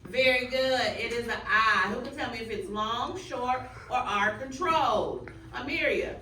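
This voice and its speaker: A woman student teacher running a phonics drill with a class, calling out words slowly and clearly. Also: fairly high pitch, sharp tone, slight background noise. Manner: stretches out target words clearly. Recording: echoey room, mic far off.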